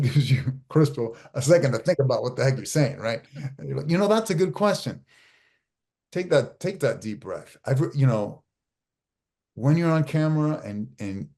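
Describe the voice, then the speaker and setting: A man's voice: lowish voice, dark tone. A middle-aged man teaching a masterclass as a media trainer, emphatic and coaching, repeating key phrases and restarting often. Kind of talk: live online masterclass teaching.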